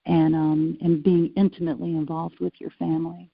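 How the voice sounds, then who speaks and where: A woman talking as an interview guest, telling stories with an animated, playful manner, on a dull lo-fi recording. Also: low voice, moderate pace, gravelly, breathy edge, no echo. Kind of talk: casual interview conversation. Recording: dull lo-fi sound.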